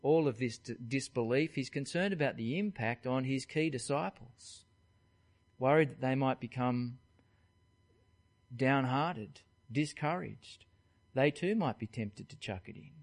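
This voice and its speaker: Guy preaching, chatty, going verse by verse, middle pitched voice. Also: measured pace. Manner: conversational, explains verse by verse. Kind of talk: expository Bible teaching.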